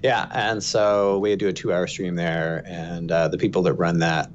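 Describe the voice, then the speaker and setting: A man's voice: deep voice, little pitch movement, normal speed, dull audio, a little hiss or hum. A man calling in to a podcast as a guest, chatting casually and making fun of himself. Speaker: game studio guest. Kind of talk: casual chat on a call-in podcast.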